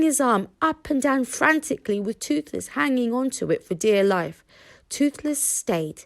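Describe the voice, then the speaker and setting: A woman reads a children's story aloud slowly and expressively, her pitch rising and falling a lot. The recording is close and dry. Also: expressive, gravelly, dry recording. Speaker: reader. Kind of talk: children's audiobook narration.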